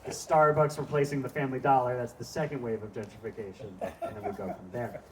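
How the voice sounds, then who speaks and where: A man's voice: mid-range voice, steady tone, quick pace, darkish tone. Rambling, profane male stand-up comic. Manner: rambling, profane storytelling with asides. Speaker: stand-up comedian. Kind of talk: live stand-up set. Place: small live comedy venue with audience. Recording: distant mic with faint background noise.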